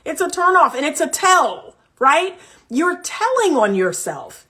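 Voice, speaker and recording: A woman dating coach giving relationship advice in a vlog, emphatic and repetitive, with animated asides. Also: high voice, unhurried.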